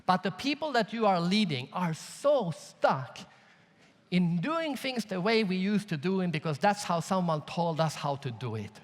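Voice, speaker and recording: A man's voice: high voice, normal speed. A man giving a conference keynote, telling a story with jokes and speaking straight to the audience. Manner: animated, jokey, addresses audience directly. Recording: large hall reverb.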